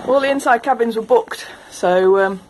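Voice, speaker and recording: A woman, giving a chatty, animated walk-through of a ferry trip for her travel vlog. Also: on the high side, noisy background. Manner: chatty, animated, quick to laugh. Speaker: travel vlogger. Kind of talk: casual walk-through commentary. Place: ferry car deck and cabin.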